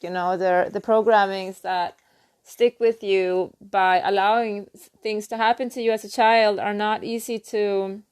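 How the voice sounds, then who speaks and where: A woman giving a halting, earnest spiritual talk on her own channel, full of restarts and "you know.". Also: mid-range voice, a little mellow, clear, resonant tone. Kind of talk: personal spiritual talk to camera.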